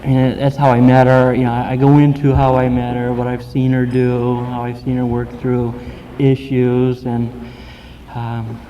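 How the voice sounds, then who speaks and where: A man introduces a speaker in an earnest, halting way, often pausing with fillers. His voice sits at a middle pitch, with faint background noise. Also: monotone, mellow, muffled recording. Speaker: introducer at a recovery meeting.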